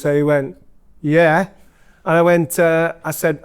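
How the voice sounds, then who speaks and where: A man's voice: fairly high pitch, fairly even intonation, moderate pace, clean tone. Chatty Geordie man telling stories. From North East England. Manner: chatty, self-deprecating storyteller with many fillers. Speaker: former CEO giving a guest talk. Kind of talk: live anecdotal talk to an audience. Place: event room with an audience.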